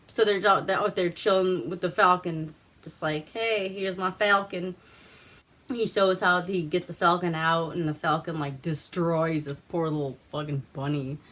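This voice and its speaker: A woman's voice: sits low, steady tone, normal speed, hardly any pauses, fairly bright tone. A woman vlogger retelling a movie plot in a loose, chatty way, full of "like" fillers and swearing, while drinking wine at home.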